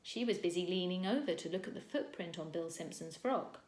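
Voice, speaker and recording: A woman teacher reading a children's chapter book aloud, expressive and acting out the characters. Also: lowish voice, brisk, hardly any pauses. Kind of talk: storybook read-aloud. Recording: echoey room.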